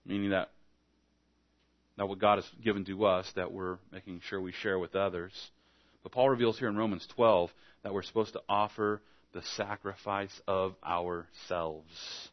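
A man's voice: on the low side, fairly even intonation, moderate pace, dull audio. A man preaching an evening sermon, speaking conversationally and acting out little back-and-forth dialogues to make his points. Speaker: pastor.

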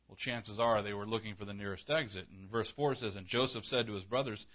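Male pastor, low voice, earnest conversational preaching, slightly dull lo-fi recording. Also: fast, hardly any pauses. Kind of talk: sermon.

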